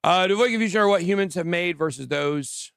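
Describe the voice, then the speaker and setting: Gravelly rambling male crypto host. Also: high-pitched, a bit bright, no echo, studio quality. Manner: rambling, quick, jokey, trails off. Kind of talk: casual livestream chat.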